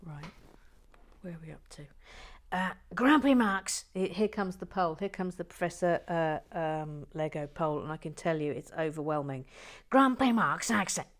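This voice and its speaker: A woman hosting a Lego building channel, chatting quietly to herself and her viewers as she builds. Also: fairly low pitch, moderate pace. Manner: soft-spoken, talks quietly to herself and viewers. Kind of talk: casual chat while building.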